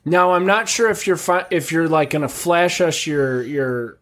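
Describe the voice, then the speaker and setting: A man's voice: a little high, measured pace, a bit bright. A man hosting a casual podcast, rambling and swearing freely as he jokes with his co-hosts. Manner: rambling, profane, joking. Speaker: podcast host. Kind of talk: casual chat.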